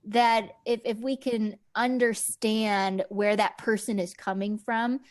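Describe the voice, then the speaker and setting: A woman's voice: medium pitch, little pitch movement, slow. A woman psychologist, a guest on a podcast, talking in an earnest, enthusiastic way and often repeating words as she starts a thought. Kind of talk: conversational interview.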